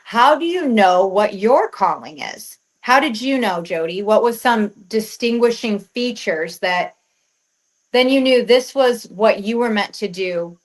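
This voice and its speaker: A woman hosting a casual interview, chatty and encouraging, turning to the audience with quick asides. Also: mid-range voice, expressive, poor audio. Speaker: podcast host.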